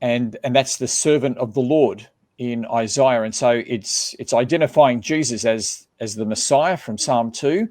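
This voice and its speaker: A man's voice: medium pitch, unhurried, a little mellow. A man co-hosting a casual discussion of a book, talking conversationally and reading verses aloud. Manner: conversational, reads scripture aloud, frequent restarts. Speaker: co-host.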